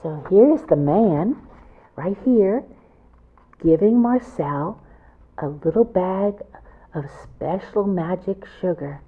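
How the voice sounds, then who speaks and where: A woman reads a picture book aloud to children at an unhurried pace. Her pitch is lively and her asides about the pictures are chatty. The sound is tinny and narrow, like a phone line. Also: breathy edge. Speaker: children's storyteller.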